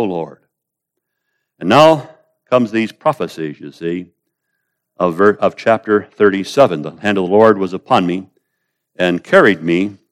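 Preaching through a passage expositorily, a man addresses his hearers as beloved, swinging between loud, pleading prayers and low, quiet moments.

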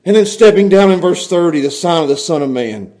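High-voiced animated male preacher. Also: brisk. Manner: animated preaching, swinging from quiet to loud, chuckling between points. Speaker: pastor. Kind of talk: sermon.

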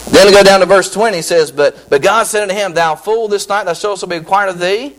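A man preaching a sermon as pastor, excitable and repetitive, with frequent restarts. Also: high voice, fast talker, hardly any pauses, poor audio.

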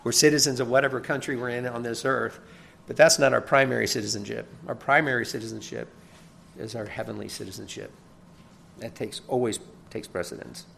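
A man's voice: mid-range voice, steady tone, a little fast, vocal fry, a bit bright, slight background noise. A man preaching a sermon as a pastor, earnest and emphatic, often repeating a word as he builds a point. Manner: earnest preaching with rising emphasis, occasional chuckles and repeated words.

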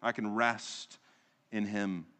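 A man's voice: on the low side, flat delivery, takes it slowly, a bit bright, clear, resonant tone. Male pastor preaching in a reverberant hall. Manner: rhetorical, rising and falling preaching delivery with tag questions. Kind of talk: sermon.

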